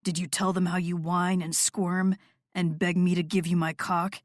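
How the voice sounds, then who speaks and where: A woman voicing a seductive, commanding male rock star in a low, murmuring, dominant tone in an audiobook. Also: little pitch movement, normal speed, dry recording, clean studio sound, natural voice. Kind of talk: audiobook character voice.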